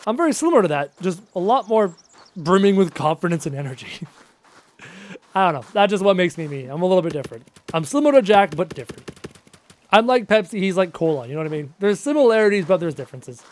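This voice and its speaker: A man's voice: high-pitched, very animated, fast talker. A man around thirty chatting casually and upbeat with viewers on a live gaming stream. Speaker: gaming livestreamer. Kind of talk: casual live-stream chat while playing.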